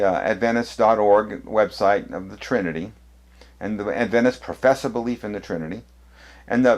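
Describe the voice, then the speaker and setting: A man presenting an apologetics video, walking through on-screen documents with sarcastic, emphatic delivery. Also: lowish voice. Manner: sarcastic, emphatic, leans hard on key words. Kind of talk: critical lecture over on-screen documents.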